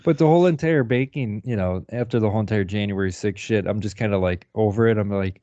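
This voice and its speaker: A man's voice: fairly low pitch, fast talker, hardly any pauses, warm tone, no room sound. A man co-hosting a podcast, talking in a rambling casual way with a lot of swearing and laughing. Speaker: podcast co-host. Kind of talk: casual profane chat. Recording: dull lo-fi dry sound.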